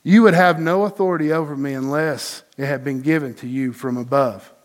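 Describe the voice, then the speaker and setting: A man reading aloud the calm, measured replies of a solemn prisoner who claims a kingdom. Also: fairly high pitch, lightly acted.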